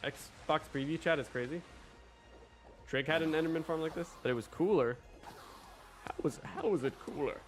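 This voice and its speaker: A man's voice: a little high, normal speed, pauses often, soft background music. A young man hosting a casual livestream, chatty and rambling as he talks to his chat. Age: young adult. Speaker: livestream host.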